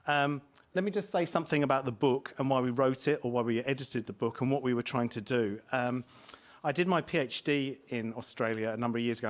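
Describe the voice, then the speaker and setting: A man from England, a politics lecturer, giving a hesitant, self-deprecating talk on a panel, full of ums and uhs. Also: mid-range voice. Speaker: author and lecturer. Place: public debate hall.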